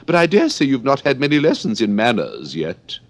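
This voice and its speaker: A man reading an audiobook, voicing an imperious, scolding old queen in a shrill, emphatic manner. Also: wildly swooping pitch, normal speed. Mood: bossy.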